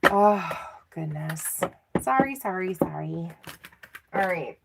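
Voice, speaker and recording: Casual tarot reader, middle-aged woman, slow and chatty with frequent laughs. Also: lowish voice, lively intonation, vocal fry, heavy background noise. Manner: chatty and self-teasing, laughing often. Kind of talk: live tarot reading.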